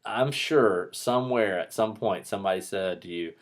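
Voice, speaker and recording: Male speech instructor for an online lecture: lowish voice, talks a bit fast, playful asides. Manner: lively, joking asides. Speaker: public speaking instructor.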